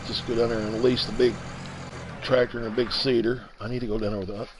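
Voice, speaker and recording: A man in his fifties giving casual, rambling commentary while playing a farming game, with halting restarts. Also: mid-range voice, little pitch movement, background noise. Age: 50s. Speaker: let's play streamer.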